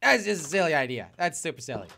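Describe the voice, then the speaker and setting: A young male streamer giving live gameplay commentary, his voice swinging high and low as he reacts to the game. He sounds bright and forceful, with frequent exclamations and quick replies to chat. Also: gravelly. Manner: excitable, exclaiming and fretting aloud; reads and answers chat. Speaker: gaming streamer.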